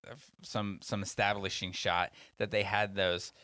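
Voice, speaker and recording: Excitable, bright-toned man chatting. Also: lowish voice, measured pace, no echo. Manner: chatty, excitable, swears freely. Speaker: podcast co-host. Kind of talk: casual chat.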